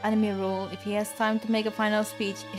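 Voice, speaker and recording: A woman streaming a story game, reading its text aloud softly and then breaking into loud, excited reactions. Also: medium pitch, a little fast, over music. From Japan.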